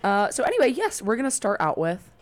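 A young woman hosting a college radio show, joking playfully in casual chat with her co-hosts. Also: mid-range voice. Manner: playful, lively, quick jokes.

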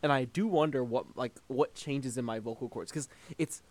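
A man's voice: mid-range voice, moderate pace, darkish tone. A young man chatting casually as a co-host, playful, often laughing and trailing off mid-thought. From St. Louis. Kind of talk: casual chat.

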